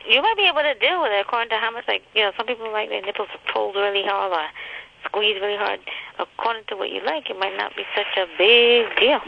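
A woman's voice: mid-range voice, fast, vocal fry. A woman talking in a casual chat, chatty and a bit hesitant. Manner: chatty, hesitant, laughs easily. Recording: slightly dull lo-fi with faint noise.

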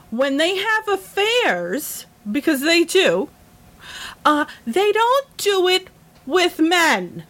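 A woman's voice: sits high, a bit bright. A woman ranting to camera in a heated, profane and emphatic way, worked up and emotional. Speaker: vlogger. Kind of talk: angry rant to camera.

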